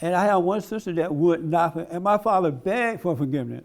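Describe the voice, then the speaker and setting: A man's voice: high-pitched, a little fast, vocal fry. A man giving a blunt, emphatic preaching-style talk at a conference, laughing along with his audience. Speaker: conference speaker.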